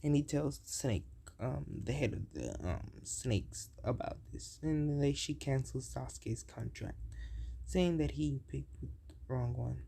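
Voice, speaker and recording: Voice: mid-range voice, expressive, a little slow, gravelly, mellow, slight background noise. A young adult casually retelling an invented anime story, rambling and hesitant, restarting sentences and making up names as they go. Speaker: fan storyteller.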